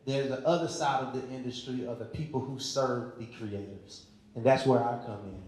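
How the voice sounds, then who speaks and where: A man's voice: medium pitch, normal speed, a little mellow, slight background noise. A man speaking on a panel at a community event. He has a confident, emphatic salesman's way of talking. His voice bounces heavily around a large, very echoey hall. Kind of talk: panel talk to a live audience.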